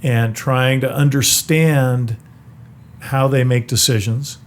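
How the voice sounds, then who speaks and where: A man's voice: mid-range voice, fairly even intonation, slow pace, a little hiss or hum. A middle-aged man talking as an interview guest, often restarting and repeating words as he thinks. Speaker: guest, brewery founder. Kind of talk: conversational interview.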